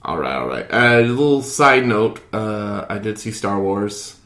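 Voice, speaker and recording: A man's voice: on the low side, sing-song, measured pace, a bit bright. A man in his thirties hosting a podcast in snarky, laughing casual chat. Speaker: podcast host. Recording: roomy echo.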